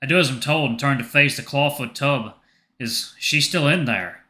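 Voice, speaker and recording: A man hosting a gaming channel, reading a story game aloud in steady narration. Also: medium pitch, normal speed. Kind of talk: reading a visual novel aloud.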